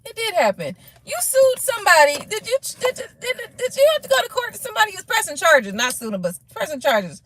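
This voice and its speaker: Bright high-voiced woman chatting on a live stream. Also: fairly quick, hardly any pauses. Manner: animated, laughs often, swears freely, slangy. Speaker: tarot reader hosting a live stream. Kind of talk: casual live-stream chat reading comments.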